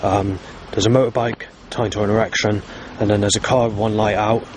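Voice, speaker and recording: A man's voice: lowish voice, fairly even intonation, fairly quick. A man recording a rambling spoken diary outdoors in town, agitated and swearing heavily. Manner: agitated, heavy swearing, bursts of anger. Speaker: vlogger recording his day. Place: outdoors in town, at streets, stations and bus stops. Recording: outdoor street noise and passing vehicles.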